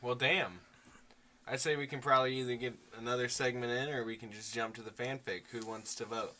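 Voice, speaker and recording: A man's voice: medium pitch, steady tone, brisk, sharp tone. A man co-hosting a podcast with friends, chatting in a laid-back, joking way. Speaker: podcast co-host. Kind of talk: casual chat.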